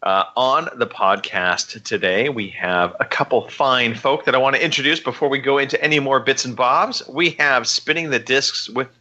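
A man's voice: mid-range voice, normal speed, hardly any pauses, pushed and bright, dull audio. A man hosting a casual gaming podcast, joking and rambling with many fillers. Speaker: podcast host. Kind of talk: casual chat.

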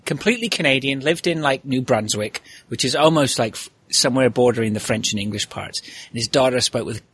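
A man's voice: medium pitch, fairly quick, a bit bright, breathy edge. A man hosting a podcast, chatting casually and telling a long rambling story with plenty of asides. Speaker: podcast host. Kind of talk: casual chat.

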